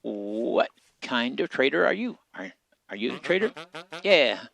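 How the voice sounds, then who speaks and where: A man giving relaxed, casual commentary as he plays a survival game, talking half to himself. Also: mid-range voice, measured pace, gravelly. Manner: relaxed, muttering to himself while playing. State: hiccups. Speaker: game streamer.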